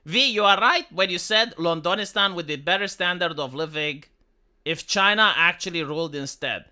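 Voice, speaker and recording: A man's voice: high voice, moderate pace, pushed and bright. A man from Romania ranting on a live stream, heated and profane, often stumbling and restarting his sentences.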